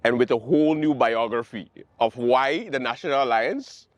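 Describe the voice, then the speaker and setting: A man hosting a late-night comedy show, ranting about politics in a sarcastic, animated way. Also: mid-range voice, moderate pace, no echo. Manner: animated, sarcastic, mocking quotes and repetition. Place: outdoors with planes overhead.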